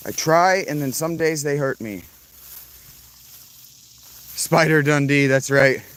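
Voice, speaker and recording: A man's voice: fairly high pitch, fairly even intonation, slow pace, a bit bright, smooth. A man chatting casually on a live stream at an outdoor campsite, rambling, swearing freely and greeting chat viewers.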